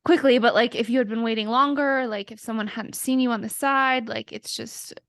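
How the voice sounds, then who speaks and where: A woman's voice: on the high side, fairly even intonation, brisk, dry recording. A woman co-hosting a podcast, talking casually and sympathetically, rambling with many filler words.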